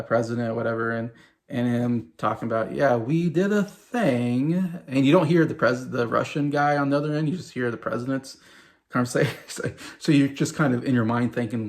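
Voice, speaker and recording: Late-thirties male vlogger, mid pitch, gravelly and loose, rambling delivery. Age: late 30s. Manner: rambling, full of fillers and restarts. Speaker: movie review vlogger. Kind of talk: casual chat.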